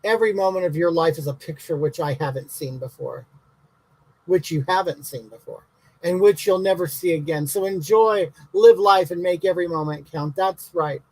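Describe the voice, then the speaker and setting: A man's voice: a little high, normal speed, a little mellow, no room sound, rough recording. A man playing a brash, bigoted elderly woman who answers viewers' comments in a comic livestream, talking in blunt, indignant, rambling rants.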